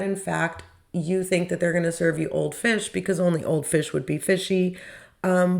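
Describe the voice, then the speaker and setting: A woman with a lower voice hosts her own podcast, walking through episodes in a relaxed, chatty way. She drops wry opinions and poses rhetorical questions to her listeners. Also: gravelly. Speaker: podcast host. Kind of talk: casual recap commentary.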